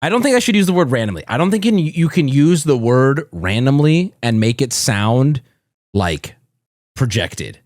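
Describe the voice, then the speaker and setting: A man streaming, chatting with viewers and rehearsing a trailer voice-over, drawing out words in a hammy, shouted announcer delivery and swearing as he jokes. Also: medium pitch, very animated, normal speed, dry recording, clean studio sound. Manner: joking, profane.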